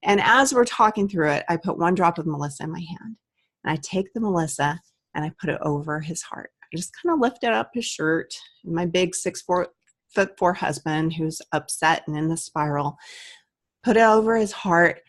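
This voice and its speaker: A woman's voice: fairly low pitch, lively intonation, normal speed. A woman in her thirties, an aromatherapist, earnestly telling a personal story to the camera. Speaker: aromatherapist and vlogger.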